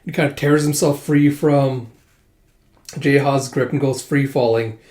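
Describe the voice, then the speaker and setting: A man reading through a manga volume in a casual way, acting out the characters' lines in quick bursts with plenty of fillers. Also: mid-range voice. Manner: animated, voices characters in bursts, many fillers. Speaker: manga reader. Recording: roomy echo.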